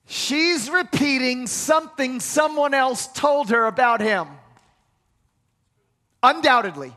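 A man's voice: extremely high pitch, lively intonation, takes it slowly, pushed and bright. A man preaching a sermon, building to emphatic peaks and repeating key phrases. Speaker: pastor. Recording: long hall reverb.

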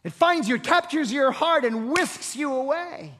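A man's voice: very high voice, expressive, measured pace, a bit bright. A male pastor preaching a sermon, emphatic and repetitive, often restarting words as he presses a point. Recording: reverberant hall.

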